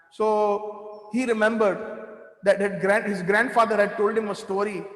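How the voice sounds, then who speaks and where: A man giving a devotional talk, telling lively anecdotes with quoted dialogue. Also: high voice, moderate pace. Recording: echoey hall with long reverb.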